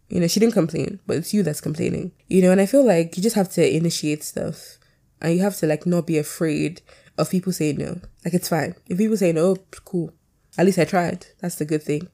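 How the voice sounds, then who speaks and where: A woman's voice: fairly low pitch, creaky, warm tone. A young woman hosting her own podcast, chatting casually and rambling with lots of fillers; her voice cracks and can sound close to tears. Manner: rambling, frequent "like" and "you know" fillers. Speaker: podcast host. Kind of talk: casual solo podcast chat. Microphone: poor quality home mic.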